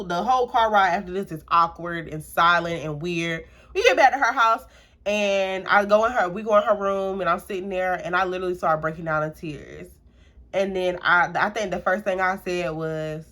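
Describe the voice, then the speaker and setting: A woman's voice: mid-range voice, a little fast. Young woman, casual storytime vlogger, chatty and filler-heavy, acts out the quotes. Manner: casual and animated, with frequent fillers and acted-out quotes. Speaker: YouTuber. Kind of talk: storytime vlog.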